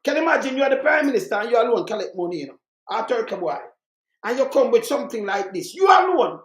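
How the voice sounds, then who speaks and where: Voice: medium pitch, very animated, quick pace, a bit bright. A commentator with a Jamaican accent, ranting fiercely and repeating points in patois. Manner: fiery, repetitive, rants in Jamaican patois. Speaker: political commentator. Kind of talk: heated commentary monologue. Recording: roomy echo.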